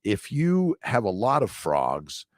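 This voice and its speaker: Low lively upbeat man livestreaming. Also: slow, dry recording, studio quality. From Southern California. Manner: rambling, upbeat, motivational, many fillers. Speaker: doctor hosting a morning livestream. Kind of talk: casual livestream chat answering viewer comments.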